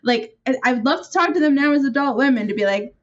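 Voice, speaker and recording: A woman's voice: sits high, fast. A woman co-hosting a podcast, chatting casually in a thoughtful, reflective way. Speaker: podcast co-host. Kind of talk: casual chat. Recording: dull lo-fi mic.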